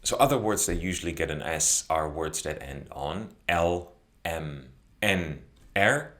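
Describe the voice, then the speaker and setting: A very deep-voiced man teaches a beginner grammar lesson. He talks his viewers through the rules and slows right down to say each example word clearly and patiently. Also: lively intonation, fairly bright tone. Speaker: Dutch language teacher.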